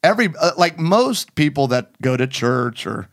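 Excitable man hosting a chat show. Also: fairly high pitch, moderate pace, creaky. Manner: excitable, rambling. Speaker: podcast host. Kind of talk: casual chat.

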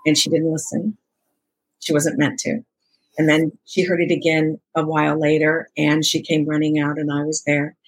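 Husky-voiced woman in her sixties. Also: deep voice, normal speed. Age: 60s. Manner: expressive, laughs often, vivid retelling with quoted dialogue. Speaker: interview guest. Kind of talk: conversational storytelling.

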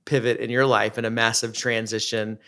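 A man's voice: medium pitch, little pitch movement, a little fast, bright, forceful tone, smooth. A man hosting a podcast interview, asking questions in a reflective, conversational way.

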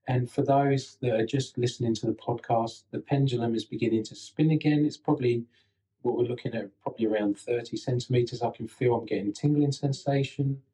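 A man hosting a spiritual podcast, talking in a calm, measured way while he walks the listeners through a demonstration. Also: medium pitch, rough recording. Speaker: podcast host.

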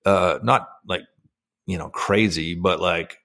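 A middle-aged man with a somewhat low voice tells his own story as a podcast guest. He speaks earnestly and emotionally, full of fillers and restarts, in a candid conversational way. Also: steady tone, slow, gravelly, fairly bright tone. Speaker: podcast guest, former pro hockey player.

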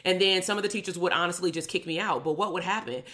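A woman's voice: on the low side, quick pace, bright, forceful tone. A middle-aged woman from Compton, a clinical psychologist hosting her own show, telling a story from her life in a blunt, sarcastic way and swearing freely. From Compton, Los Angeles. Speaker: podcast host, clinical psychologist. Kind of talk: casual storytelling monologue.

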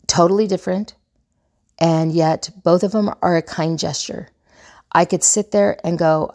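A woman's voice: lowish voice, fairly even intonation, normal speed, darkish tone. A woman in her fifties hosting a relationship advice show, talking earnestly in a rambling way with many fillers and restarts. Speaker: relationship coach and podcast host. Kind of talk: casual advice monologue.

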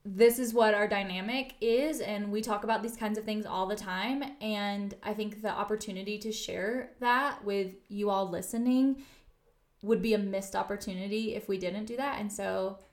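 A woman's voice: medium pitch, fairly even intonation, normal speed. A woman co-hosting a casual podcast at home in her kitchen, speaking in a reflective, earnest way with many filler words. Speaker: podcast co-host. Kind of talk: casual conversational podcast chat. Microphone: microphone on a table in front of her.

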